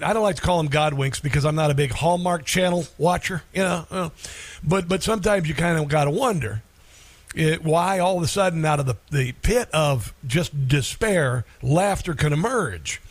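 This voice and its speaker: A middle-aged man hosting talk radio, telling a personal story in a halting way with many fillers and restarts. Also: on the high side, dry recording. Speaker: radio talk show host.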